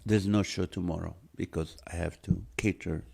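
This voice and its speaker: A man's voice: sits low, steady tone, moderate pace, vocal fry, noisy background. A man hosting a live stream, reading out viewers' names and number guesses in a playful, joking way. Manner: reads viewer names and guesses aloud, runs a guessing game; jokey, playful. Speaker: livestream host.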